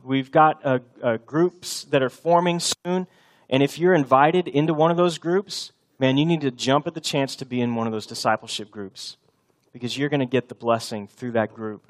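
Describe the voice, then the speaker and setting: A man in his thirties preaching a sermon as pastor, earnest, repeating key lines for emphasis and dropping soft for tender passages. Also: on the high side, steady tone, a little fast. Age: 30s.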